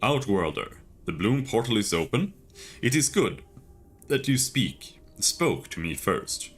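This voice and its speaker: A man's voice: lowish voice, big pitch swings, a little slow, a bit bright, husky, heavily acted. A man reading aloud the formal lines of a stiff, careworn military woman officer.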